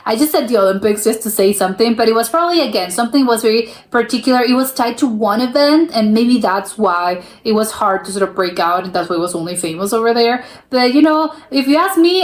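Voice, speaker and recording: A woman's voice: on the high side, fairly quick, few pauses. A young American woman hosting a reaction video, thinking aloud in casual chat with many restarts. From United States. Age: young adult. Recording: roomy echo.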